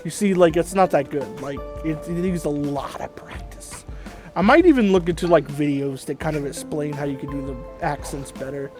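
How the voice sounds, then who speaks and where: A man giving a laid-back let's play commentary, rambling with frequent fillers and the odd curse. His voice sits slightly high. Faint game music plays behind him. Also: moderate pace, a little mellow. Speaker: gaming video host.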